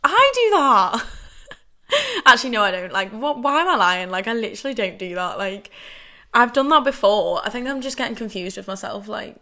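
A woman's voice: medium pitch, brisk, sharp tone. A young woman hosting a casual solo podcast, rambling chattily and filling every sentence with "like". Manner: chatty, rambling, says "like" constantly. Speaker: podcast host.

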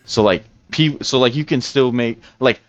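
A man's voice: mid-range voice, moderate pace, dry recording, dull audio. A man co-hosting a podcast, talking casually and rambling with frequent restarts and fillers. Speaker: podcast co-host. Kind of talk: casual chat.

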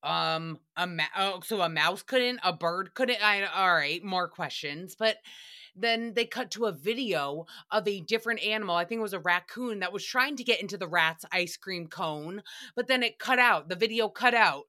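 A woman's voice: mid-range voice, moderate pace, pushed and bright. A woman hosting a casual solo podcast, recapping another show in a sassy, chatty way, swearing freely and mocking the people she quotes.

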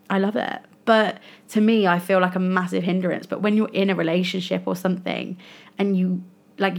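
A young woman hosting a solo podcast, venting frankly and with frustration about her own choices. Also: lowish voice. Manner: frustrated, venting, self-critical. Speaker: podcast host. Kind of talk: candid solo podcast monologue.

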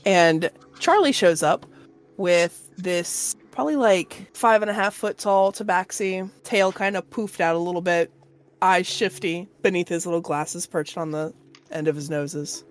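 A woman's voice: on the low side, unhurried. A woman narrating a tabletop game as game master, chatty and full of fillers.

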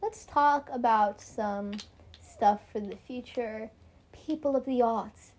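A teenage girl with a fairly high voice co-hosts a relaxed chat show. She is playful and giggly, and she rattles off her thoughts in quick bursts. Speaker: podcast co-host. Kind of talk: casual chat.

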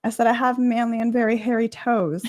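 A woman co-hosting a casual podcast, reading out messages with a dry, deadpan delivery. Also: a little high, brisk. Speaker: podcast co-host.

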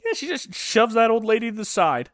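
A man's voice: very high voice, sing-song, a little fast. A man who is a minister, co-hosting a casual movie review podcast and retelling scenes with lots of laughter.

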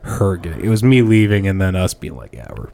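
A man hosting a casual studio chat, speaking candidly and trailing off into soft asides. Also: deep voice, expressive, fairly quick, gravelly. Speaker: podcast host.

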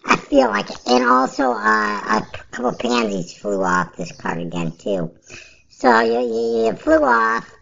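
A woman's voice: a little high, huge pitch swings, measured pace, creaky, a bit bright, muffled recording. A woman podcast host giving casual, rambling fantasy sports picks in a blunt, offhand way, with some profanity.

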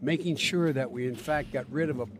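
An older man, a politician, answering a voter defensively, with halting restarts. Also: medium pitch, echoey room, distant mic, noisy background. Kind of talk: campaign event exchange. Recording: archive clip with crowd behind. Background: crowd.

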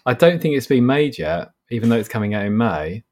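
A man, an author guest explaining his work in a relaxed, storytelling way. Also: mid-range voice, a little fast. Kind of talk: casual conversational interview.

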